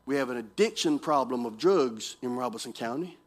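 A man's voice: medium pitch, a little fast. A man preaching to young people, telling a story with lots of repetition and acting out the scenes. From North Carolina, US. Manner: animated, repetitive, acts out scenes.

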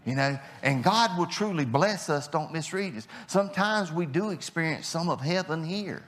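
A man preaching a sermon, impassioned, swinging between loud declarations and hushed low lines. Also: animated, moderate pace.

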